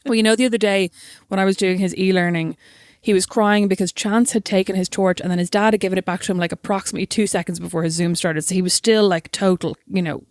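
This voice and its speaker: A woman's voice: mid-range voice, steady tone, fast, darkish tone, dry recording. Laughing, chatty woman. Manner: chatty, laughs often, acts out quotes. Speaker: podcast co-host. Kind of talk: casual chat.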